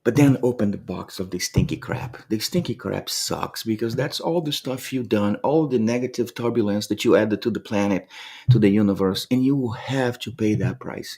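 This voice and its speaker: A man with a somewhat low voice shares reflective motivational thoughts in a vlog. He talks earnestly and from the heart, often circling back and repeating words as he searches for what to say. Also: creaky, a little mellow. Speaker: motivational vlogger.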